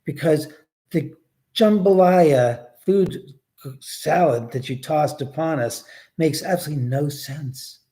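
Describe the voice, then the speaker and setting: A man with a warm voice on the high side speaks slowly as he hosts a casual livestream from home. His talk rambles and is full of free swearing as he talks to his dog and responds to viewers.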